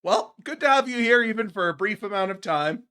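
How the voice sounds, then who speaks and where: Chatty bright-voiced man streaming a game. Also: high voice, lively intonation, a little fast, clean tone. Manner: chatty, sarcastic, exasperated complaining about the game. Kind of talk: casual gameplay livestream chat.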